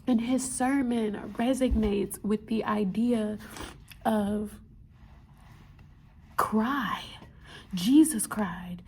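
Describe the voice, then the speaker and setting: A young woman, a medical student, talking earnestly in a motivational vlog, often repeating herself and dropping into soft whispers. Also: a little high, fairly even intonation, very slow, creaky, pauses often, a little hiss or hum. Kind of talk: heartfelt motivational vlog talk.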